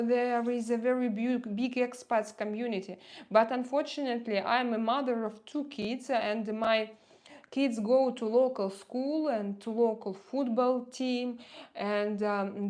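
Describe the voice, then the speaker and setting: A woman's voice: fairly high pitch, darkish tone. Woman, 30s, strong Russian accent, outspoken live-stream host, hesitant delivery. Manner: hesitant, many fillers and restarts, outspoken. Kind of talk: casual live-stream chat reading viewer comments.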